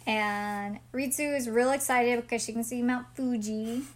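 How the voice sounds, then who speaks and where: A woman's voice: a little high, fairly even intonation. A woman co-hosting a podcast, casually recapping an anime episode and chiming in with wry jokes. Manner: wry, chimes in with quick jokes. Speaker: podcast co-host.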